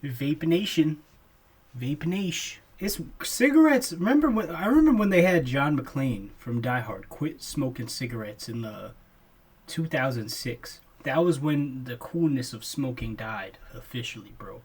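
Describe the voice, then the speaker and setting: A man's voice: medium pitch, lively intonation, moderate pace, breathy edge. A young man co-hosting a podcast, chatting casually, laughing often and calling his friend "bro.". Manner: laid-back, laughs often, says "bro" a lot. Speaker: podcast co-host. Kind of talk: casual chat.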